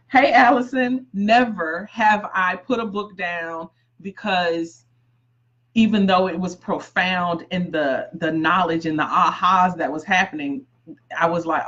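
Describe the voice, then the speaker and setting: A woman's voice: on the low side, measured pace, fairly bright tone, dull audio. Emphatic woman coaching live viewers. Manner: emphatic, repeats key phrases, greets viewers by name. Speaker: book coach. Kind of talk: live-streamed coaching talk.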